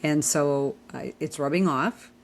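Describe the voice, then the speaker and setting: Low-voiced older woman telling family stories. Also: measured pace, vocal fry, a little hiss or hum. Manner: storytelling, acts out family dialogue. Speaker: podcast co-talker. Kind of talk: casual chat.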